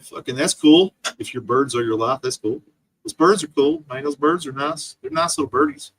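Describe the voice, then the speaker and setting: A man's voice: medium pitch, animated, moderate pace, fairly bright tone, breathy edge. A man streaming an angry, profane rant full of insults. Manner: profane, insult-laden ranting.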